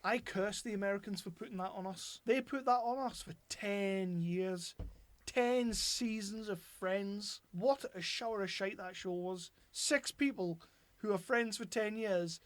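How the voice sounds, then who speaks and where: A man's voice: sits high, unhurried, a bit bright, dry recording. A man hosting a podcast, a blunt, sweary talker with strong opinions. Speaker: podcast host. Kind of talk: casual chat.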